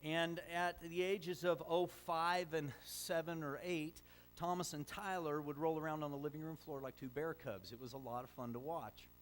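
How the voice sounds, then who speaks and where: A man's voice: a little high, steady tone, normal speed. A middle-aged man preaching a sermon as a pastor, telling stories conversationally with frequent fillers and restarts.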